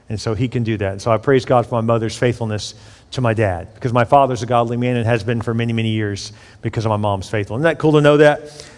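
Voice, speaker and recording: A man's voice: mid-range voice, a little mellow. A man preaching a sermon as pastor, conversational and joking, with sudden emphatic bursts. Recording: echoey hall.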